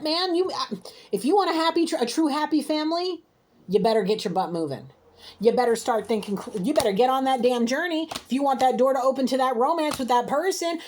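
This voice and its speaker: High-voiced woman in a fiery scolding reading. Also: big pitch swings, quick pace, darkish tone, slight background noise. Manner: emphatic, scolding, repetitive rants. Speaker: intuitive card reader. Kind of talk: heated spiritual card reading.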